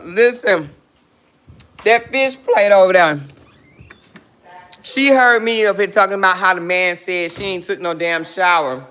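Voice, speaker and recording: A woman's voice: mid-range voice, normal speed, a bit bright. A woman hosting a casual livestream, talking in a brash, profane, mocking way. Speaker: livestream host.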